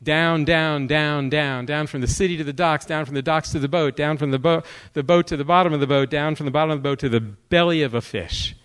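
A man's voice: fairly high pitch, brisk, few pauses, clean tone, poor audio. Impassioned man preaching a sermon. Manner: impassioned, dramatic swings between hushed and urgent. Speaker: guest preacher.

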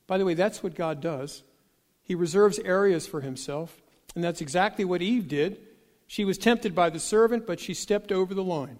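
A man's voice: sits high, normal speed, a little mellow, in a large hall. A man preaching a sermon, telling folksy joke stories and acting out the dialogue with animation. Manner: folksy storytelling with jokes.

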